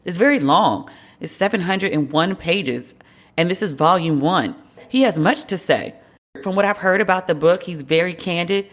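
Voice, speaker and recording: A woman's voice: fairly low pitch, moderate pace. A woman hosts her own podcast, chatting through the week's news on her own. She is candid and wry, tossing in playful quoted asides as she goes. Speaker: podcast host. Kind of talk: casual solo commentary.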